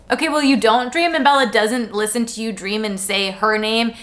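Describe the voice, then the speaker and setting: A giggly woman with a somewhat high voice co-hosts a casual book club read-along. She reads passages in dramatic voices and teases the characters between lines. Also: moderate pace, few pauses, fairly bright tone. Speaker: podcast co-host.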